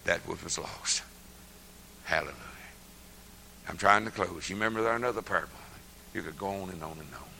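Older preacher, bright and lively. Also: male voice, low-pitched, gravelly, slight background noise, poor audio. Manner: swings from hushed murmurs to loud shouted exclamations; folksy, laughs often, repeats phrases. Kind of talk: sermon.

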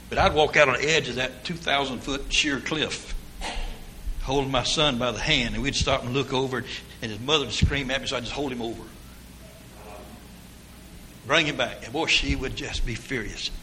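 A man's voice: medium pitch, moderate pace, pauses often, sharp tone, slight background noise. Folksy older preacher man. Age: 60s. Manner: rambling folksy anecdotes, down-home grammar. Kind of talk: folksy storytelling sermon.

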